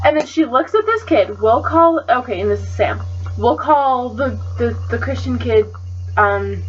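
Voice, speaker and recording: Woman vlogger, high voice, indignant storytelling rant, swears freely, dull lo-fi webcam sound. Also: lively intonation, moderate pace. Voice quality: swears freely, loose filler-heavy chatter.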